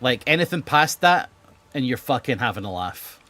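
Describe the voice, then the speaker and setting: A man's voice: mid-range voice, very animated, moderate pace, bright, forceful tone. A Scottish man on a live stream, reading chat aloud and joking at his own expense. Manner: joking, self-deprecating, swears.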